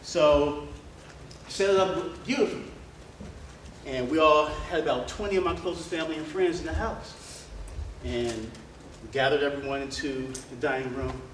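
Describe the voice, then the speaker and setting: Male motivational speaker, lively crowd storytelling, fairly high voice, caught from afar in a roomy hall with audience noise. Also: normal speed, far from the mic. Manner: animated, joking, addresses crowd directly. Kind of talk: storytelling speech to a live audience. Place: large room with an audience.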